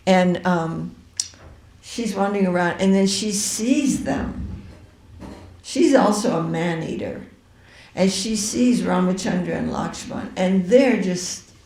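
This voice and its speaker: A woman's voice: on the low side, creaky, a little mellow. A woman retelling a sacred story in a chatty, digressive way, often correcting herself. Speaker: devotional reader. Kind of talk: storytelling scripture reading. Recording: echoey room with faint hiss.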